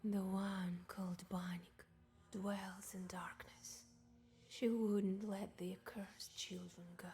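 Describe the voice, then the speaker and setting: A man's voice: sits high, flat delivery, takes it slowly, darkish tone, pitched above the performer's own voice. A man voicing a desperate young changeling girl in a breathless whisper, as whispered role-play. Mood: eerie. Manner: whispering eerily.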